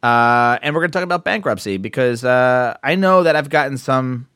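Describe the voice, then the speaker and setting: A man's voice: mid-range voice, expressive, moderate pace, fairly bright tone, clean tone, no echo, clean studio sound. A man with a New Jersey accent co-hosting a casual podcast, chatty and laughing as he tells stories. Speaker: podcast co-host.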